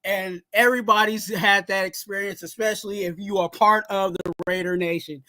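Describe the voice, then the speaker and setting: High, bright-voiced ranting fan-show man. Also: steady tone, normal speed, no echo. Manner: heated, shouty ranting with repeated "you know what I'm saying". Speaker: host of a fan sports show. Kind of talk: casual sports talk, ranting segment.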